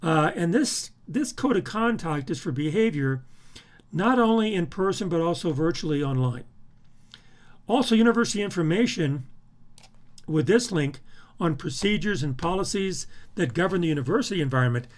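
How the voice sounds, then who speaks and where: A man's voice: fairly high pitch, expressive, moderate pace. A male university professor walking through a course syllabus, emphatic, with frequent restarts and repeated words. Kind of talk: recorded syllabus walkthrough.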